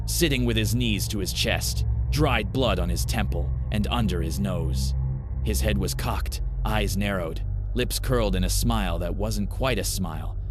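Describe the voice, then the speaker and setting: A man narrating a first-person horror story in a grim, measured way. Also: deep voice.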